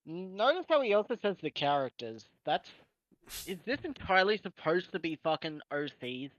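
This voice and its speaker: Lively bright co-host on a dull mic. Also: medium pitch, normal speed, dry recording. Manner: laughs and interjects with dry remarks. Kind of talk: casual banter on a livestream.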